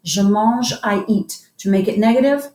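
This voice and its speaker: A woman's voice: medium pitch, moderate pace, dark tone, echoey room, rough recording. Upbeat woman teaching a class. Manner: upbeat, coaxing call-and-response drilling. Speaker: French teacher. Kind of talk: classroom grammar lesson.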